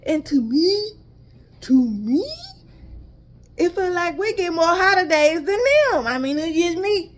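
Southern woman, high voice, chatty haul vlogger, talks straight to her viewers and wanders off on side stories. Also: lively intonation, a little slow, long pauses, slight background noise. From Texas. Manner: chatty, addresses viewers as y'all, drifts into asides. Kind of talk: casual chat to viewers.

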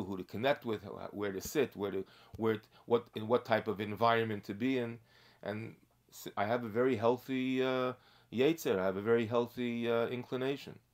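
A man's voice: on the low side, normal speed, lightly acted. A man doing a proud, boastful Hasidic merchant. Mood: proud, emphatic. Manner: boastful, emphatic. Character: proud wealthy Hasidic man, self-assured scholar.

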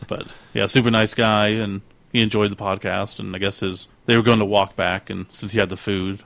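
A man's voice: lowish voice, normal speed, creaky, dry recording. A man co-hosting a casual podcast, telling stories eagerly and acting out what others said. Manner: animated storyteller who acts out quoted voices. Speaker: podcast co-host.

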